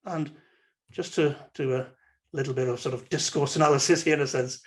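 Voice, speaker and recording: A man's voice: on the high side, steady tone, brisk. A man giving an online webinar lecture in a conversational way, with frequent fillers and restarts. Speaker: university lecturer.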